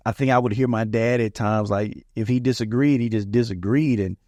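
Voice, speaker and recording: Calm, reflective husband co-hosting. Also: male voice, medium pitch, fairly quick, no echo. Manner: calm, reflective, acts out past arguments. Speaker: podcast co-host, husband. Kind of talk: casual conversation.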